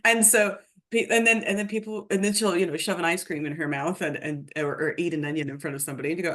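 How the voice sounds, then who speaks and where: A woman's voice: fairly low pitch, quick pace, few pauses, a bit bright. Giggly chatty woman host. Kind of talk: casual chat.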